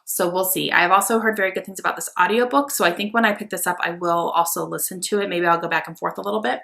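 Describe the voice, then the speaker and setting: A young adult woman chatting casually and excitably about her books, with many fillers. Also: lowish voice, fast, creaky. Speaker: book vlogger. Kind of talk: casual book haul chat.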